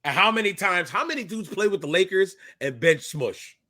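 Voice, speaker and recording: A man with a New York accent, co-hosting a casual basketball podcast, joking around and reading a news article aloud with halting restarts. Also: sits high, crowd noise. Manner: animated, jokey, reads with halting restarts. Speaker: podcast co-host.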